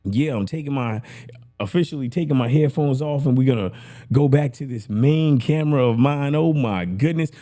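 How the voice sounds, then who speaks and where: A man's voice: mid-range voice, moderate pace, warm tone. Chatty guy testing his broadcast mic, rambling, keeps asking if you get it. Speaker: podcast gear reviewer host. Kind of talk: casual gear demo talk. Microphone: broadcast dynamic mic with headphones.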